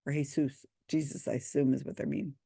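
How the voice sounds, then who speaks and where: A woman's voice: extremely low pitch, little pitch movement, a little fast, vocal fry, mellow, husky, dry recording. A woman casually commenting on video comments, reading them aloud and answering in a dry, skeptical way.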